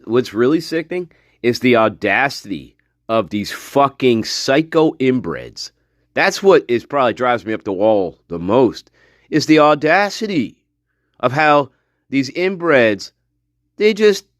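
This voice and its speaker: Male livestream host: profane, scornful ranter with a lively, swooping pitch, laughs a lot, dry close sound. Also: no room sound. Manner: frequent laughter, trailing off into mutters. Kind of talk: livestream commentary reading chat.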